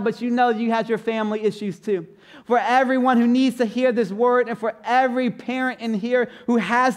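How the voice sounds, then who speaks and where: A man, a pastor, preaching a sermon in a church in a playful, emphatic way, slowing down to stress repeated lines. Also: very high voice. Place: church sanctuary.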